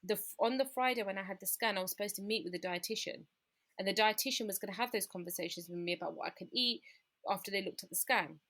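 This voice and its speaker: A woman telling her own story in a candid, reflective conversation, growing quieter at the painful parts. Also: mid-range voice, fast. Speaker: guest sharing her experience.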